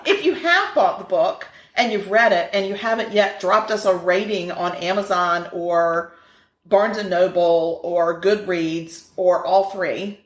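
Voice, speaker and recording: A woman's voice: lowish voice, a little slow. A woman co-hosting a podcast in casual chat, with a giggly, playful way of bantering. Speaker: podcast co-host. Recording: echoey room.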